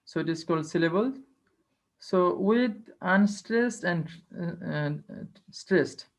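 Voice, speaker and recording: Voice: medium pitch, lively intonation, slow. A teacher giving an online lecture, explaining step by step and repeating key phrases. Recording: dull lo-fi online class recording.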